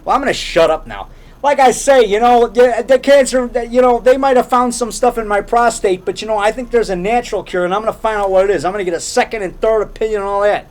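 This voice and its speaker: A man's voice: sits high, fast, darkish tone. A middle-aged man chatting casually to a camera in a grocery store, rambling and repeating himself, often tacking on "man". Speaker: low-budget filmmaker and video blogger. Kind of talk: casual rambling vlog chat. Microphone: handheld camera held by a friend.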